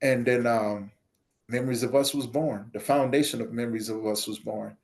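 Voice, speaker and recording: At a moderate pace, a nonprofit founder appearing on an interview podcast tells his own story with animation. When he voices the people in it he lowers and softens his tone, while at other points he gets loud and energetic.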